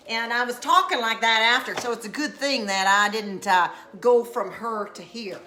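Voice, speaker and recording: Bright, high-voiced woman chatting playfully on a live stream. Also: moderate pace, hardly any pauses, reverberant, a little hiss or hum. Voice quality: playful, chatty, greets viewers by name. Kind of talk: casual live-stream chat. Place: home kitchen.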